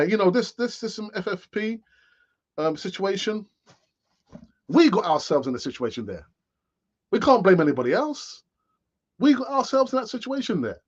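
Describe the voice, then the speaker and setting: Man, late fifties, higher-pitched voice, rambling live-stream host, dull lo-fi sound. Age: late 50s. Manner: rambling, chatty, with frequent fillers and restarts. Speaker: football fan channel host. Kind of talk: live-stream chat commentary.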